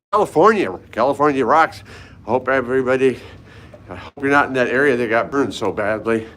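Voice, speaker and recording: A man's voice: mid-range voice, fairly bright tone. An older man casually chatting with live viewers as he walks hotel hallways and stairwells, a little out of breath, greeting people by name. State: slightly out of breath from climbing stairs. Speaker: fitness vlogger. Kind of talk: casual live-stream walk vlog.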